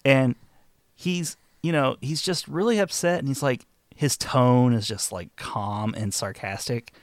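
A man co-hosting a casual movie-review podcast, swearing freely and swinging between loud jokes and mumbled asides. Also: mid-range voice, measured pace, dry recording, studio quality. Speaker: podcast co-host.

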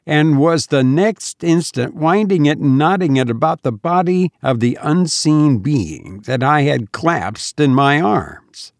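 A man reading a first-person gothic story aloud in a measured, solemn manner. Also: fairly high pitch, animated, no room sound, clean studio sound. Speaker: audiobook narrator.

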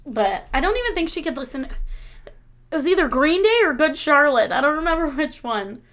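Woman in her thirties, co-host, high-ish voice, chatty storyteller who laughs through her anecdotes. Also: brisk. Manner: laughs through stories, animated when quoting. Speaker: podcast co-host. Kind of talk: casual chat, storytelling.

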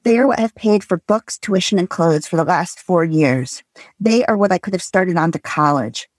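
A woman's voice: on the low side, animated, moderate pace, a little mellow, no echo, clean studio sound. A woman reading aloud as a teenage girl, wounded and defiant, pleading and then lashing out. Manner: pleading, rising to outrage.

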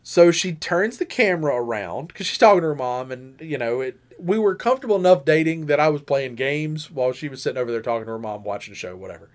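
A man in his thirties, co-hosting a podcast and telling a story in casual chat, lively and animated, with high squeaky voices for the women he quotes. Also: fast talker, hardly any pauses. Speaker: podcast co-host.

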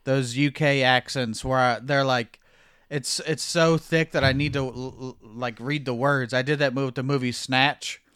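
A man's voice: medium pitch, fairly even intonation, moderate pace, fairly bright tone, clear, resonant tone, no echo, studio quality. A man from the United States co-hosting a film podcast, talking in a rambling, hesitant casual way. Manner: rambling, hesitant restarts, laughs easily. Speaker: podcast co-host. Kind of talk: casual chat.

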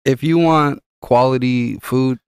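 A man's voice: mid-range voice, steady tone, a little slow. A young man in casual chat, laid-back and emphatic, calling friends bro and man.

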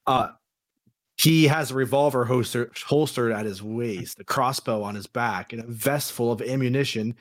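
A man's voice: mid-range voice, normal speed. A man hosting a casual podcast, reading out a choose-your-own-adventure game between jokes with his co-hosts. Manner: reads story passages aloud with laughs and swearing.

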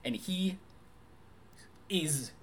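Upbeat podcast co-host in casual chat. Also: medium pitch. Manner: animated, enthusiastic, quick asides. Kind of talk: casual movie review chat.

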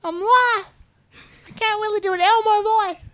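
A woman doing a high, squeaky, babyish puppet voice for a childlike furry monster in an improv party game, talking about herself in the third person. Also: fairly even intonation, moderate pace, bright, forceful tone. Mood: goofy childlike.

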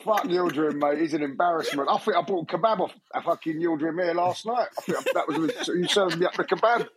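Blunt guy from turkey, swears nonstop, bit high voice, crowd noise behind. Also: fast talker. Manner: blunt, swears heavily, laughing. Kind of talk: casual chat.

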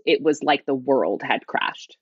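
A woman guest speaking quietly as she tells a candid personal story, rambling with lots of "like" and restarts. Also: very deep voice, animated, a little slow, breathy edge, no echo, muffled recording. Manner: rambling, heavy use of "like", restarts. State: speaking quietly, half-whispering. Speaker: interview guest.

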